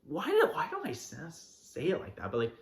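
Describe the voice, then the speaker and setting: A man's voice: fairly high pitch, huge pitch swings, normal speed. A man hosting a podcast, ranting and mocking in a casual, fired-up monologue. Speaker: podcast host.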